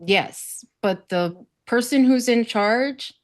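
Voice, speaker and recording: A woman's voice: fairly high pitch, slow pace. A woman from South Florida on a panel, sharing earnest, faith-filled stories and acting out quoted voices. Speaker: summit panelist. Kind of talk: casual panel conversation.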